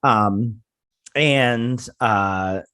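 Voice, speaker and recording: A man's voice: medium pitch, drawn-out words, fairly bright tone, clear, resonant tone. A man, recapping and reviewing a TV episode in a loose, rambling, chatty way that often trails off. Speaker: host of a TV episode review channel.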